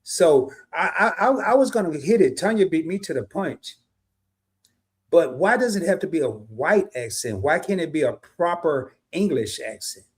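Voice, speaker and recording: A man's voice: a little high, expressive, moderate pace, husky. A middle-aged man co-hosting a live stream, laid-back and slangy, talking straight to his viewers. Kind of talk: casual live stream chat.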